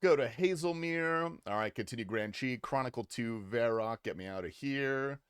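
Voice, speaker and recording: A man's voice: mid-range voice, normal speed, a bit bright, clear, resonant tone, no echo. A young adult man streaming a game, talking casually with loose, profane, teasing banter to his chat on a close desk mic. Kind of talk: casual gaming livestream commentary.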